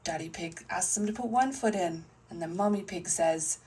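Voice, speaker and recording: A woman reading a children's picture book aloud and narrating toy play, in a soft, hushed voice with playful voices for the characters. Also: lowish voice, moderate pace, hardly any pauses, far from the mic. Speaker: storyteller playing with toys.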